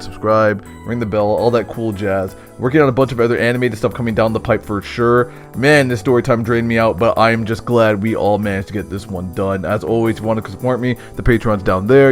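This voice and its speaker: Young guy doing story time, slangy and animated, gets loud then goes quiet, faint music under it. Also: on the low side. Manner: animated, slangy, swings between loud and hushed.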